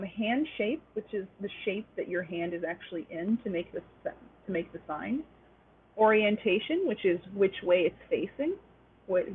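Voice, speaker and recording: A woman presents an online linguistics lecture as a webinar, explaining things step by step and checking in with "right?". Her voice is medium-pitched with a breathy edge, and the audio is tinny and phone-like.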